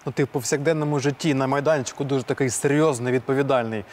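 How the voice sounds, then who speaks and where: A man's voice: mid-range voice, fairly even intonation, racing, a little mellow, a little hiss or hum. A man hosting a sports interview, asking questions with hesitant fillers.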